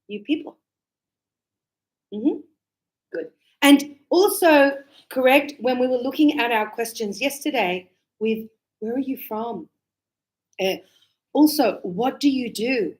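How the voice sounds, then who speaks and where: A woman teaching a class, acting out greetings and small talk in a bright sing-song voice. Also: takes it slowly, long pauses. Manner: animated, acts out dialogues with sing-song high-pitched lines. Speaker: English teacher. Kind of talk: classroom English lesson.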